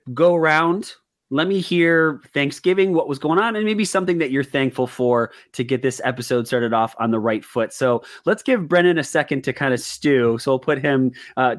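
Upbeat chatty podcast host man. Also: fairly high pitch. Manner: upbeat, chatty, quick asides. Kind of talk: casual sports podcast chat.

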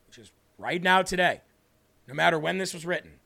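A man hosting a livestream Bible teaching, reading scripture slowly and speaking earnestly with emphasis. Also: sits high, gravelly, pushed and bright. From northern United States. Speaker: host and preacher.

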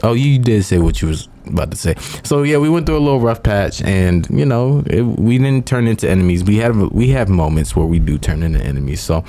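A man's voice: lowish voice, animated, a little fast, hardly any pauses, dark tone. A young man co-hosting a podcast in casual, profane, joking banter. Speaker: podcast co-host.

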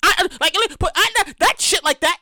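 A man hosting his own podcast in a casual solo monologue, animated and profane, often repeating himself. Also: very high-pitched, fairly quick, no echo. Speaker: podcast host.

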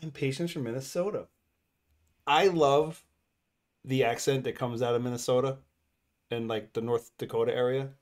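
A man's voice: mid-range voice, steady tone, normal speed, long pauses. A man hosting a casual podcast chat, rambling and laughing often into a desk microphone. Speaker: podcast host. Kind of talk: casual live-stream chat.

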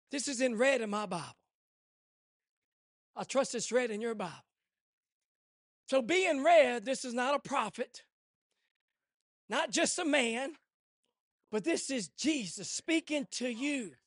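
High-voiced preacher building to shouts. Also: male voice, no echo, studio quality. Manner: rising to emphatic shouts, then dropping low. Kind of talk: sermon. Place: church.

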